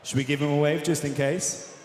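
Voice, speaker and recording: A man's voice: on the high side, steady tone, fairly quick, a little mellow. A man hosting an awards show, firing off scripted jokes and projecting brashly to the crowd. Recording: echoey arena with long reverb and noise.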